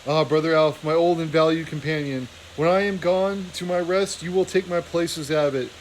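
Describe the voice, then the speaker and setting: A man reading aloud, voicing an old male abbot mouse who is dying, gentle and fatherly. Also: on the high side, fairly even intonation, moderate pace, a little hiss or hum, natural voice, low-quality recording. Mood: tender.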